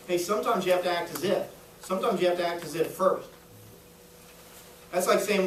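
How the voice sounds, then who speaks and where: In an echoey room, a man with a high-pitched voice leads a live sales training session for a small group, sounding a bit far from the mic. He talks quickly and keeps an upbeat, coaching tone, often asking if the room is keeping up. There's slight background noise.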